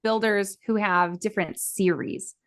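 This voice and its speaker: A woman's voice: medium pitch, fairly even intonation, measured pace, smooth. Woman host steering the talk. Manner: asks questions and steers the conversation. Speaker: podcast host. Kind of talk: casual podcast chat.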